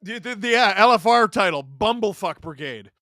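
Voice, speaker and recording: A man with a high, bright, forceful voice runs a live watch-along stream, cracking sarcastic jokes and reading viewer questions. The sound is dry and close, with no room echo. His banter is quick and joking. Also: animated. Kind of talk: casual watch-along commentary, reading chat.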